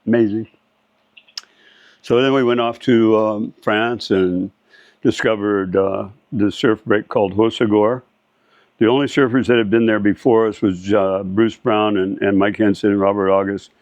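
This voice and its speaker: A man's voice: on the low side, fairly even intonation, moderate pace, a little mellow, no room sound. A man in his seventies from California, telling old stories in a rambling, anecdotal way. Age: 70s. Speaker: surfer and board shaper. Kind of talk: reminiscing interview storytelling. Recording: dull lo-fi audio with faint music.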